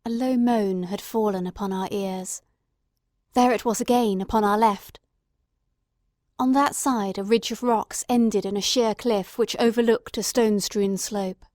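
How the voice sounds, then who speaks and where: A woman's voice: mid-range voice, steady tone, unhurried, darkish tone, dry recording, studio quality. Woman narrating a classic novel. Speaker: audiobook narrator. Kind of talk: scripted narration.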